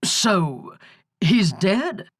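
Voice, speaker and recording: A woman's voice: medium pitch, big pitch swings, extremely slow, slightly rough, no room sound, clean studio sound, pitched above the performer's own voice, heavily acted. A woman playing a polite small-town sheriff. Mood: puzzled. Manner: polite, formal phone manner. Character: small-town male sheriff, patient then indignant.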